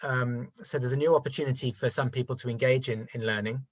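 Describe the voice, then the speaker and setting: A man teaching adult education, giving a quick, rambling conference presentation on a video call. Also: mid-range voice, fairly even intonation, dry recording. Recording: dull dry video-call audio.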